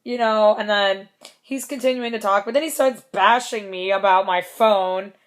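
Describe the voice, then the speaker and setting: A woman's voice: mid-range voice, moderate pace. A young woman recounting a night at a show in a casual vlog. She talks in a loose, rambling way, swears often and laughs through the funny parts. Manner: chatty, swears a lot, laughs often, acts out quotes. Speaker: concert fan telling a story.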